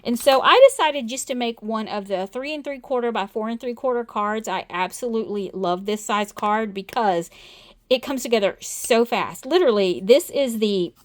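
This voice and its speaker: A woman's voice: a little high, normal speed. Chatty woman showing craft supplies. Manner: chatty, bubbly, self-deprecating, many fillers. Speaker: crafting channel host. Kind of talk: casual crafting product demo. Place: home craft desk at night.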